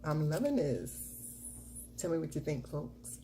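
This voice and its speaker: Middle-aged woman vlogger, deep mellow voice, chatty and upbeat, recorded on a camera mic with faint hiss. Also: big pitch swings, unhurried. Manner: chatty, repeats catchphrases and cheers herself on. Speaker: makeup vlogger. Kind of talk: casual makeup tutorial chat.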